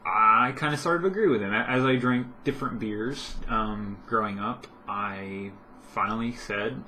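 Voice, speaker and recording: A man's voice: lowish voice, normal speed, bright, forceful tone, slight background noise. A young man vlogging at home in casual chat, rambling with lots of fillers and self-corrections.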